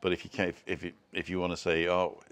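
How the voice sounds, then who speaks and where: A man's voice: low-pitched, little pitch movement, quick pace, a bit bright. A man hosting a casual live stream, chatting in a self-deprecating way and reading out viewer comments from home.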